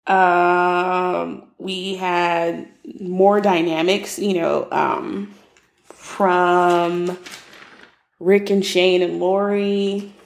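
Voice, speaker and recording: A woman's voice: lowish voice, little pitch movement, drawn-out words, vocal fry, reverberant. A woman from Ohio, co-hosting a podcast in a casual, teasing manner. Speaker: podcast co-host. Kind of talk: casual chat.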